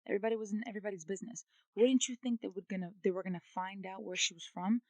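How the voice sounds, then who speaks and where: A woman co-hosting a podcast talks in a lively, ranting way, swearing as she gets worked up. Her voice is dry and close, with no room sound. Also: mid-range voice, rapid-fire, no room sound, rough recording. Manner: animated, ranting, swears freely. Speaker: podcast co-host. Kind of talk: casual chat.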